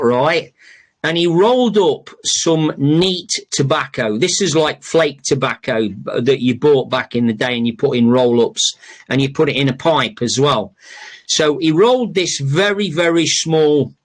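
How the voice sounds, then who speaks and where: A man's voice: a little high, lively intonation, unhurried. Rambling man telling stories. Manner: rambling, with many fillers and restarts, swears. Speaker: podcast host. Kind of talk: casual storytelling monologue.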